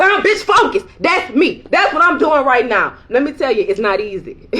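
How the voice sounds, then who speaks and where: A woman's voice: on the high side, lively intonation, measured pace, fairly bright tone. A woman tarot reader in a casual vlog, talking bluntly and emphatically, swearing freely and laughing often.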